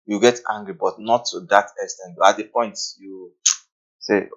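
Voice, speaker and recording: A man with a somewhat low voice, speaking earnestly on a podcast panel. The sound is dull and lo-fi. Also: steady tone, normal speed. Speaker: podcast guest. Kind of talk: casual panel discussion. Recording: lo-fi dull audio.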